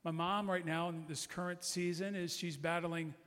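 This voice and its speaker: A middle-aged man delivers an impassioned sermon, hammering his points home with repeated declarations. His voice sits high and sounds bright and forceful. The sound rings with the long reverb of a church sanctuary. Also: level tone, normal speed. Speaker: guest pastor.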